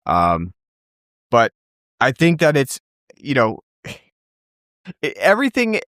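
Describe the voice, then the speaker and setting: A man's voice: mid-range voice, wildly swooping pitch, slow pace, fairly bright tone, dry recording, studio quality. A man co-hosting a podcast, talking in a thoughtful, hedging way with lots of fillers. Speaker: podcast co-host. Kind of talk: casual film discussion.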